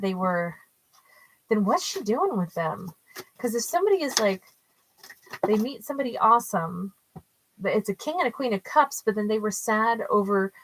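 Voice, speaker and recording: A woman giving a casual tarot reading, thinking aloud and questioning her own reading with animated asides. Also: mid-range voice, no echo, poor audio. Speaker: tarot storyteller.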